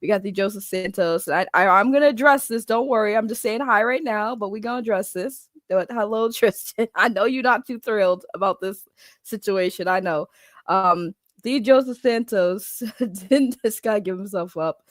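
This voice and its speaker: A woman hosting a casual livestream, chatting and greeting her viewers by name. Her throat is sore from a cold. She sits at a middling pitch, and the sound is dry and close. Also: normal speed, no room sound. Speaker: livestream host.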